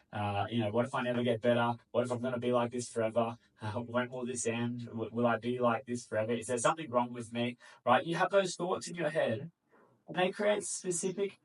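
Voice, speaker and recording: A man's voice: mid-range voice, fairly bright tone, husky, far from the mic, poor audio. A man explaining to camera how changing beliefs can ease anxiety, in a conversational way that often checks in with "right?" and "okay?". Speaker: anxiety coach.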